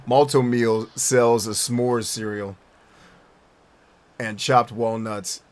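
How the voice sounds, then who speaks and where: A gamer talks slowly with his chat in a mid-range voice of fairly even intonation. His casual replies are blunt, full of cursing, and rambling, with sentences often started over.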